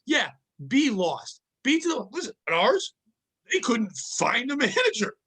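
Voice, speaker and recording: A man co-hosting a podcast, telling work stories in a casual, profane, animated way and acting out the people in them. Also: very high-pitched, a little slow, slightly rough, rough recording. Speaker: podcast co-host. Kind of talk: casual storytelling chat.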